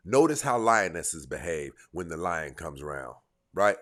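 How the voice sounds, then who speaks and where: A man's voice: low voice, sing-song, a little slow, fairly bright tone. A man giving dating advice straight to his viewers in a blunt, emphatic, lecturing manner. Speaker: dating coach. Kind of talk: direct-to-camera advice monologue.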